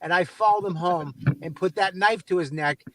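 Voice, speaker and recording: A man's voice: high-pitched, normal speed, noisy background. A man co-hosting a podcast in casual chat, teasing and scolding his partner in an incredulous, profane way. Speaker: podcast co-host.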